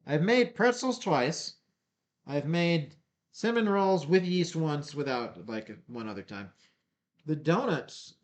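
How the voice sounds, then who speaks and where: A man chatting casually while cooking on a live stream, rambling and joking at himself as he answers viewers. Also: on the high side. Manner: rambling, self-mocking, chats with viewers. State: stuffy nose.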